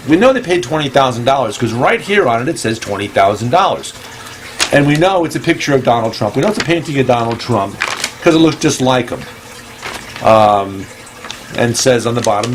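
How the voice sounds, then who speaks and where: Male host, mid pitch, hesitant playful deadpan, casual comedy ramble, faint noise behind. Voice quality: hesitant, full of ums and restarts.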